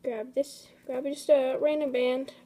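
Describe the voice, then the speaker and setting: A woman's voice: high-pitched, level tone, measured pace, dark tone. A young woman hosting a casual craft tutorial, chatty and apologetic, talking to her materials as she works. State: a bit out of breath. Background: faint storm noise.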